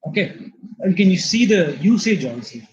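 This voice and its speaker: A man from India gives a vocabulary lecture in a high-pitched voice. He explains patiently, repeats his word lists and fills pauses with "uh" and "you know". The recording sounds dull and lo-fi. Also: very animated, darkish tone. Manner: explanatory, repeats words, many fillers. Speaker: English lecturer.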